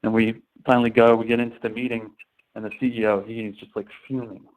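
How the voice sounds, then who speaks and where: A man as a sales trainer, telling anecdotes in a casual, animated way. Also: medium pitch, fast talker. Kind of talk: storytelling talk. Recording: tinny phone-like sound.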